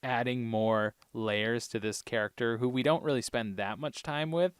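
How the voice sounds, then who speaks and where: A man co-hosting a podcast, casually recapping TV episodes in a relaxed, rambling way with plenty of ums and uhs. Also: mid-range voice, moderate pace, smooth, dry recording, clean studio sound. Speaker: podcast co-host.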